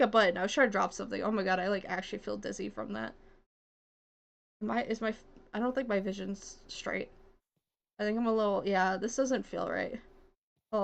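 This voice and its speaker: A woman's voice: medium pitch, gravelly, highs cut off. A young woman with a Southern US accent chatting while streaming a game, rambling, swearing often and laughing at herself. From southern United States. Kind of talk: casual gaming stream chat.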